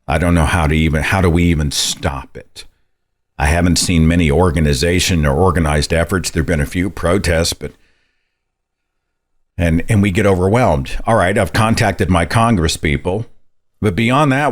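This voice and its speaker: A man with a very low voice hosts a call-in show. He talks in an exasperated, rambling way. His questions climb sharply in pitch. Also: normal speed. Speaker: podcast host.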